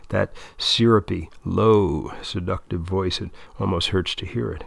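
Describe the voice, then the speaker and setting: A man reads a story aloud in a dramatic, wry way. His voice is low and gravelly, and the sound is dry and close. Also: moderate pace, no echo. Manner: wry, ironic. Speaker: narrator.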